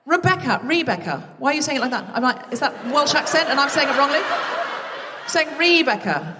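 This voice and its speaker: A woman's voice: high-pitched, animated, brisk, big-room sound, recorded from a distance, very noisy. A woman hosting a live comedy podcast on a theatre stage, chatty and self-mocking as she banters with the audience. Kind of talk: live stand-up hosting with crowd work. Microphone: stage microphone.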